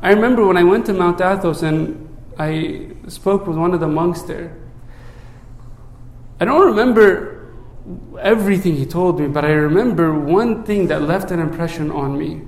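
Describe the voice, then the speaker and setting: A man with a fairly high voice gives a relaxed, conversational sermon. He stumbles over repeated words and keeps asking "right?" to check in with his listeners. His voice sinks low and quiet whenever he recites the prayer, and the room around him rings with echo. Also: moderate pace. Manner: repeats words at the start of phrases; drops low and soft when reciting prayer. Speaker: priest.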